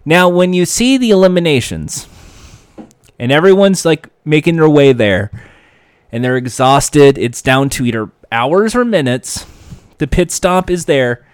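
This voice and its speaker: A man giving casual, animated commentary, acting out quoted lines as he goes. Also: a little high, smooth, dry recording, clean studio sound. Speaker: reality TV commentator.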